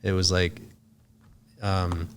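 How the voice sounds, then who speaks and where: Low-voiced man telling a story. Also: little pitch movement, slow pace, clean tone. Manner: loose and profane, full of "like" fillers. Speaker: podcast guest. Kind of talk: casual storytelling.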